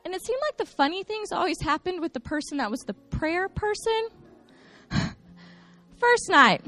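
A woman in her thirties addresses a congregation from the stage of a church sanctuary, her voice high and bright with a lively, bouncing pitch. She tells jokey stories and can slide into earnest sincerity. Faint music sits underneath. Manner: lively joking storyteller, turns earnest. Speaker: church children's ministry speaker. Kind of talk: humorous recap talk to a congregation.

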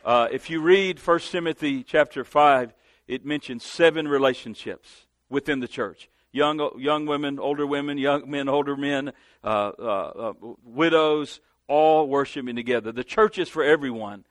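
A man's voice: medium pitch, moderate pace, dry recording. A man with a Southern US accent preaching as a guest pastor, earnest, calling out for amens and often restarting his sentences. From Southern United States. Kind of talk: sermon. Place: church sanctuary.

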